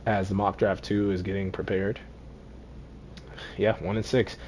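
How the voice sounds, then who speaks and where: Low-voiced man commentating his football game. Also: measured pace, slight background noise. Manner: talks to himself, repeats phrases, swings between deflated and excited. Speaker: gaming streamer.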